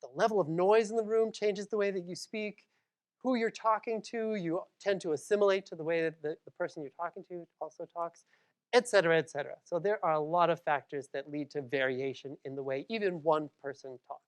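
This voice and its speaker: A woman's voice: fairly low pitch, brisk. A woman from Massachusetts giving a public library lecture, conversational, with frequent ums and asides to the audience.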